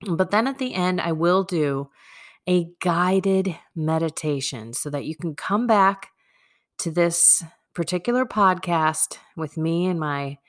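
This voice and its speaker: Speaking slowly but animatedly in a lowish voice, a podcast host talks about prayer practice in a relaxed spiritual chat from her home. She sounds congested and phlegmy, and her rambling is self-deprecating.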